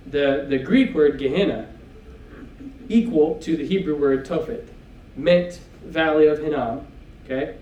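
Guy teaching bible class in a church hall, kinda high voice, echoey and a bit far from the mic. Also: unhurried, warm tone, lo-fi sound, slight background noise. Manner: conversational, with frequent "okay?" asides. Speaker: preacher. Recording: echoey room, mic at a distance.

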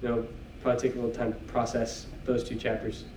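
A man's voice: medium pitch, completely flat delivery, fast, a little mellow, slight background noise. A man teaching a Bible class in church, talking it through in a conversational way and checking in with "okay?" asides. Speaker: preacher. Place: church hall. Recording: echoey room, mic at a distance.

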